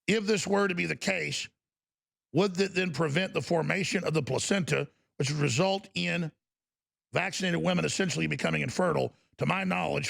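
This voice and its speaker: A man's voice: fairly high pitch, creaky, a bit bright. A man hosting a talk broadcast, ranting and mocking in an indignant way. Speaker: talk show host.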